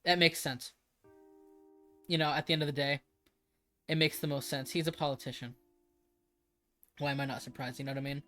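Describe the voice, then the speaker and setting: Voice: mid-range voice, fairly even intonation, fairly quick, long pauses, fairly bright tone, soft background music. Rambling, swearing livestreamer in casual chat. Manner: rambling and emphatic, frequent restarts and swearing.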